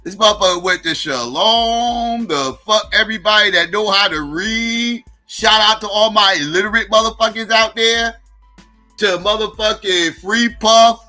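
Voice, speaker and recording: A man commenting on a livestream in a profane, incredulous rant that swings from loud outbursts to mutters. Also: high-pitched, moderate pace, soft background music.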